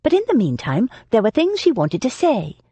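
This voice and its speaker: A woman narrating a historical romance audiobook in an expressive reading style. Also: a little high, moderate pace, breathy edge, no room sound. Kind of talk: scripted narration.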